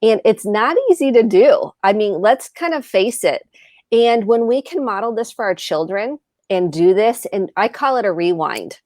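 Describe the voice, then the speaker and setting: A woman's voice: medium pitch, lively intonation, normal speed, a little mellow, no echo, clean studio sound. A woman therapist on a video call, explaining earnestly and acting out example phrases as she goes. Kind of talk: video chat advice talk.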